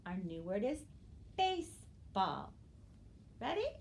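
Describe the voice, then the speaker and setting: A woman's voice: medium pitch, sing-song. A woman teacher leading an early-grade phonics lesson, speaking to young students in an encouraging way and drawing out the words she models. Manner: slow, drawn-out modeling of words.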